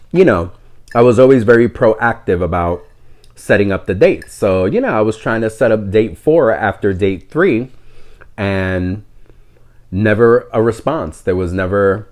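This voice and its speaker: A man's voice: fairly low pitch, darkish tone. A middle-aged man, telling a personal story in a candid, rambling, conversational way. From New York City. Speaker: podcast host.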